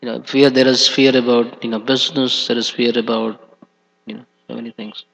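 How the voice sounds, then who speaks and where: A man's voice: medium pitch, level tone, brisk, vocal fry, fairly bright tone. A man giving a scripture class in a temple hall, talking hesitantly with many fillers. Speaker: class speaker. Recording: dull echoey hall recording.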